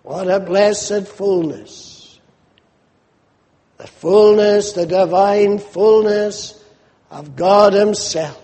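A man's voice: high voice, very slow, mellow. A man preaching a sermon with fervent, emphatic declarations. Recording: long hall reverb.

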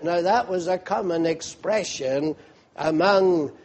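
High-voiced, unhurried male preacher. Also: darkish tone. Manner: vivid storytelling, asks listeners to picture the scene. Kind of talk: sermon.

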